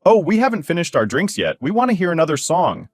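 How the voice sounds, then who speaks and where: A man's voice: fairly high pitch, big pitch swings, fast talker, no room sound, voice pushed up. A man quoting a smug, falsely innocent mother. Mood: patronizing.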